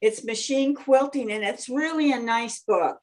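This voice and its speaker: A woman's voice: on the high side, a little slow, darkish tone. A woman in a quilting group video call, easygoing and chatty. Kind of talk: casual video call chat.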